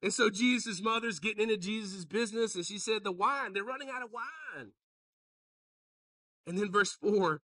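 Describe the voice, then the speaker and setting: Animated high-voiced man preaching. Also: normal speed, no room sound, far from the mic. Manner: joking, animated, calls out to the congregation. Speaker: pastor. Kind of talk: sermon.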